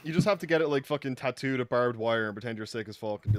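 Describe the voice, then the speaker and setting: A man's voice: medium pitch, dry recording. A young man co-hosting a podcast, telling stories in casual chat, rambling and crude with lots of fillers. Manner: rapid rambling storyteller, crude, heavy fillers. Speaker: podcast co-host.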